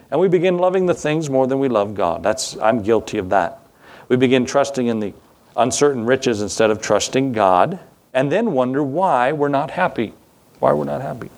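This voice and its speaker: A man preaching in a church at an ordinary male pitch. He reads scripture and asks the congregation questions, raising his voice on key words. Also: a little mellow. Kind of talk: sermon.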